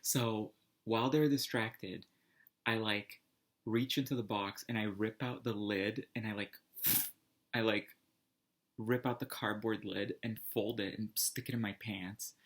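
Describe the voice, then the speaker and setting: A man casually telling a personal anecdote, rambling and animated, full of fillers and restarts. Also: fairly low pitch, measured pace. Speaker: storyteller.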